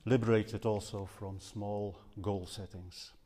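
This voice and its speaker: A man's voice: on the low side, little pitch movement, slow pace, mellow. A man giving a Buddhist dharma talk to a live audience, speaking earnestly with some hesitations and self-corrections. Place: seminar house hall. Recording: long reverb from a hall.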